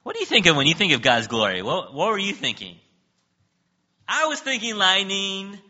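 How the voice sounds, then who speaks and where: A man preaching a sermon in a relaxed, joking way, often laughing and acting out dialogue from scripture. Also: normal speed, muffled recording. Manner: acts out biblical dialogue with big pitch swings. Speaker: pastor.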